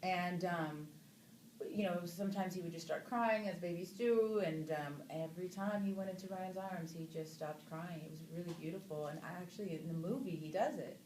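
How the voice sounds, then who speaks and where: A lively, low-voiced woman in her thirties chats at a press junket, spinning anecdotes with lots of fillers and sudden high squeals of mock surprise. The room is echoey, with faint noise behind her. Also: moderate pace. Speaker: actress interviewed about a film. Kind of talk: casual press junket interview.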